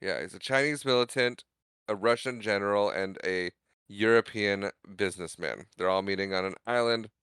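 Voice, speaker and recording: A man's voice: lowish voice, normal speed, a bit bright, clear, resonant tone, no room sound. A man co-hosting a podcast, recapping a film in casual, jokey chat. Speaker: podcast co-host.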